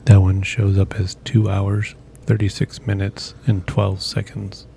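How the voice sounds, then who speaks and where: A man's voice: deep voice, completely flat delivery, unhurried, gravelly, mellow, a little hiss or hum. A man off to the side of the mic, reading viewer comments aloud in a dry, joking way during a live art lesson.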